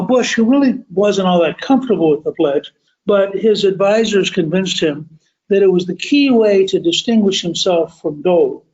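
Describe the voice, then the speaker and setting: A man's voice: high-pitched, darkish tone, dull audio. An older man hosting a podcast, recounting political history in a storytelling way. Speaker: podcast host. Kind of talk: storytelling commentary.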